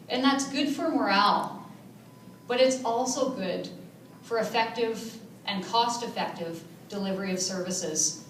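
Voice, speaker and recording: A woman mayor giving an earnest, measured inaugural speech in a large hall. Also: mid-range voice, far from the mic, slight background noise. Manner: earnest, measured public speaking. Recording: echoey hall picked up from afar.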